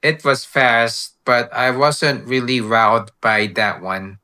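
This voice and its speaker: A man hosting a tech tutorial, calmly walking through software setup step by step. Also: mid-range voice, slow. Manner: relaxed, step-by-step explaining. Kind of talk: screen-recorded software walkthrough.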